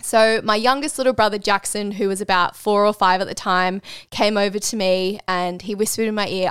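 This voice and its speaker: A woman's voice: mid-range voice, fairly even intonation, normal speed, hardly any pauses, a bit bright, clean tone, no room sound, studio quality. A young woman, hosting a podcast and telling a personal story candidly, swearing casually and getting emotional. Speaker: podcast host.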